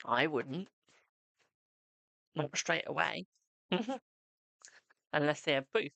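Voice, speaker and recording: A man's voice: on the high side, slow pace, creaky, pauses often, bright, forceful tone, dry recording. A man with a British accent giving live-stream tarot readings in a chatty way, calling viewers "my darling". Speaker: tarot reader.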